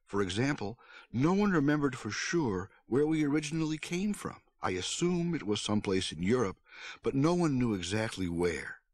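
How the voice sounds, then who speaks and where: A man narrating a storybook aloud on his stream, with an expressive read-aloud delivery. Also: mid-range voice, normal speed, no echo. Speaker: streamer reading a book aloud.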